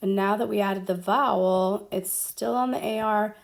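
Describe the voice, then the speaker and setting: A woman's voice: mid-range voice, fairly even intonation, creaky. A woman teaching Spanish grammar at a whiteboard, explaining step by step with frequent ums. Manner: slow, explaining step by step with fillers.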